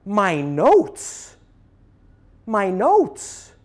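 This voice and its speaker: A man's voice: sits high, wildly swooping pitch, extremely slow, voice pushed up, full character voice. A man voicing a confused, agitated old male hospital patient who speaks urgently and repeats himself. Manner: repetitive, urgent.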